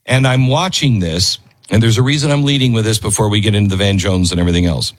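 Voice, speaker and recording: A man's voice: lowish voice, fast talker. A man hosting a commentary show, talking emphatically over a video clip he plays and repeating lines for stress.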